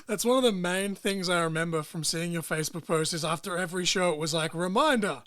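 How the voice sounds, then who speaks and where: A man's voice: fairly high pitch, steady tone, fast, fairly bright tone, no echo. A man hosting a podcast, chatting casually and laughing along with his guest. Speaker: podcast host. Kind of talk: casual chat.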